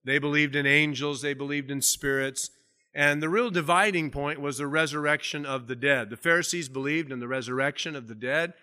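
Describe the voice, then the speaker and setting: Bright, forceful male preacher teaching scripture. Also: a little high, a little fast. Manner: conversational Bible teaching with rising emphasis on scripture readings. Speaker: pastor. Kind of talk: expository sermon.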